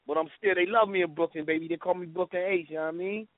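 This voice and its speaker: A man's voice: high-pitched, very fast, dry recording. Playful slangy man on a phone line. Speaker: call-in guest. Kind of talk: casual joking phone chat.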